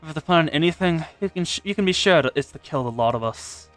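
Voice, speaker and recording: A man voicing a gruff male tavern owner in a video game, with a rough sailor's brogue that keeps slipping. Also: fairly high pitch, expressive, fast talker, fairly bright tone, faint music behind. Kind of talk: reading game dialogue aloud.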